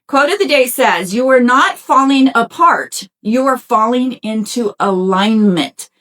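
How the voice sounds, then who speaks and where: Speaking a little slowly and expressively, a middle-aged podcast host with a slightly elevated voice encourages her listeners in a warm self-help talk. She addresses them directly in a folksy, conversational manner, often tossing in "y'all" and asking "right?".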